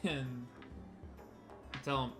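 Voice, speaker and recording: Halting man playing a tabletop game. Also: medium pitch, steady tone, music in the background. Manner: halting, repeats words while declaring actions. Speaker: player. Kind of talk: tabletop role-play.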